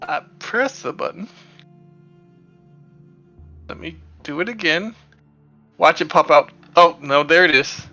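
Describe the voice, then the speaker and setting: A man's voice: fairly high pitch, animated, slow pace, long pauses, pushed and bright, dry recording, faint music behind. A man playing in a tabletop game, casual and playful, often laughing. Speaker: player. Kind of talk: tabletop game play on stream.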